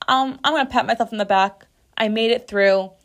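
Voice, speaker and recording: A woman hosting a podcast from her bathroom floor, chatting in a candid, expressive way and swearing freely. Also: on the high side, brisk. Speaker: podcast host. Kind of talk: casual solo podcast chat.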